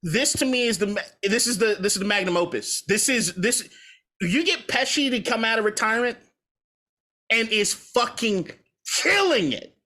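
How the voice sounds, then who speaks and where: Give me a high-voiced man co-hosting a podcast, swearing freely in a loose movie debate. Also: fairly quick, bright, forceful tone. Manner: profane, rambling opinions with laughs. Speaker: podcast co-host.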